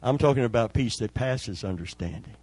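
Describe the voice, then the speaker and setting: A middle-aged male pastor preaching a sermon, telling a personal story with emotion and dropping to a hushed voice when he re-enacts a prayer. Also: mid-range voice, animated, a little fast, slightly rough, dry recording, low-quality recording.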